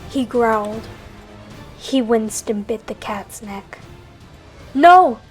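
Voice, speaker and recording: High-voiced woman narrating a battle story. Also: flat delivery, slow, a little mellow, breathy edge. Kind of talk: dramatic story narration with in-character dialogue. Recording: music faintly behind.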